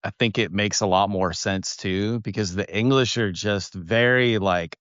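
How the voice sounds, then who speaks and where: A man's voice: lowish voice, a little slow, hardly any pauses, fairly bright tone, no room sound, dull audio. A man co-hosting a podcast, chatting in a jokey, easygoing way about film and culture. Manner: chatty, jokey, mimics accents in asides. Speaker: podcast co-host. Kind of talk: casual film discussion.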